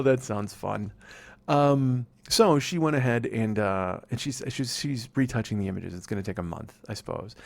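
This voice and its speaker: Profane rambling man with a gravelly voice. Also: medium pitch. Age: 40s. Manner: rambling, profane, self-mocking. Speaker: podcast host. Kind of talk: casual solo podcast monologue.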